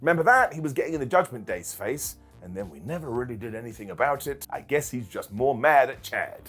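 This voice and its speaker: Lively, jokey man recapping. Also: mid-range voice, a little fast, slightly rough, soft background music. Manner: animated, jokey, sarcastic asides. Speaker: wrestling show reviewer and host. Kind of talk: casual recap commentary.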